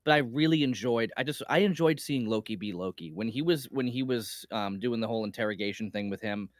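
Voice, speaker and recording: A man's voice: mid-range voice, fairly quick, no room sound, studio quality. A man co-hosting a casual review podcast who rambles, laughs often and acts out scenes in quotes. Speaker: podcast co-host.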